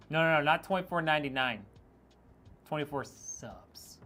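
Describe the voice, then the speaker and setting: A man hosts a casual PC-building livestream, reading chat messages aloud into his microphone. His voice sits a little higher than most men's, and he teases his viewers in a loose, joking way, laughing often. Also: moderate pace, sharp tone. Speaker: streamer building PCs.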